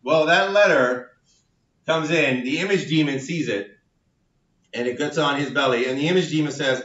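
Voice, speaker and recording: A male university lecturer with a bright, forceful voice explains a model playfully, tying it to group chats and phones. He is recorded in a reverberant classroom from a distance, and the sound is dull and lo-fi. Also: fairly high pitch, normal speed. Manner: playful, explains with everyday comparisons. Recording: echoey lecture hall, distant dull mic.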